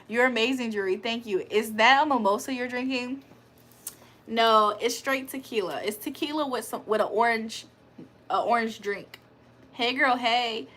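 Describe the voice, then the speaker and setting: A woman's voice: fairly high pitch, moderate pace, a bit bright. A young woman hosting a casual livestream, reading chat aloud and laughing often. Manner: chatty, laughs often, reads comments aloud.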